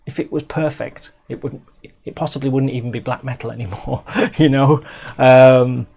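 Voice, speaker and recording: A man's voice: mid-range voice, steady tone, normal speed, gravelly, darkish tone, husky. A middle-aged man from England chatting casually as he reviews a music video, restarting his sentences and filling gaps with ums. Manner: chatty, self-interrupting, many restarts and fillers.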